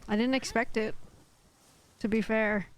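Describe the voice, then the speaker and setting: Live-streaming a game, a woman with a fairly high, smooth voice speaks at a measured pace with fairly even intonation. She rambles casually with lots of fillers, reading chat messages out loud and responding to them.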